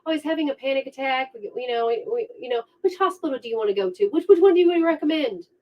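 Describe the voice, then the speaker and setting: Woman mimicking coddling, soft-spoken police. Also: extremely high pitch, lively intonation, normal speed, voice pushed up. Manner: coddling, soothing questions. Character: overly gentle police officers. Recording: dull lo-fi sound.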